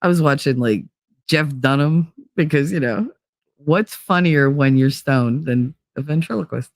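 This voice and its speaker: Animated woman host, dry close sound. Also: low voice, unhurried, no room sound. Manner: animated, swears freely, acts out quotes. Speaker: stream host. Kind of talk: casual storytelling monologue.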